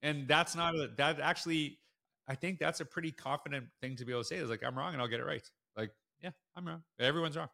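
Animated man telling stories, bright voice. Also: quick pace, vocal fry. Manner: animated, acts out quotes with big jumps in pitch. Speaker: school principal and guest. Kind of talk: casual storytelling in a podcast interview.

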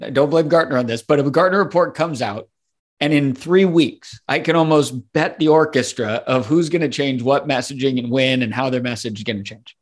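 A man's voice: medium pitch, brisk. A man hosting a podcast, dropping dry quips and short agreements. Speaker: podcast host. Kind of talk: casual interview chat.

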